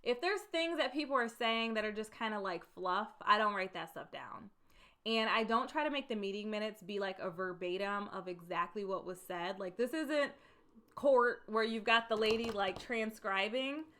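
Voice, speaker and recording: Bright-voiced woman giving chatty advice. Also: medium pitch, moderate pace. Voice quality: soft voice that can sound meek. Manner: chatty, emphatic, repeats key advice. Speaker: vlogger giving career advice. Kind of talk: casual advice talk to camera.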